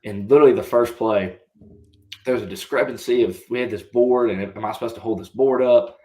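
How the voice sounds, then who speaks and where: A man's voice: medium pitch, a little fast, dark tone. A young man in his twenties, a podcast guest and former college quarterback, telling a long story in a casual way and answering politely with "yes, sir.". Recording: roomy echo.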